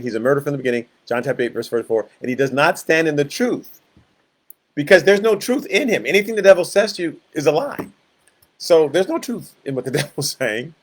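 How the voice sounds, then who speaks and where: Animated man teaching a Bible study. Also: a little high. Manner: animated, acts out quoted voices, shifts loud and soft.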